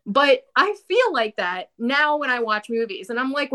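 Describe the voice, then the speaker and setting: A woman talking casually about a movie she watched, animated and opinionated, with quick asides. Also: high voice. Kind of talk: casual movie review chat.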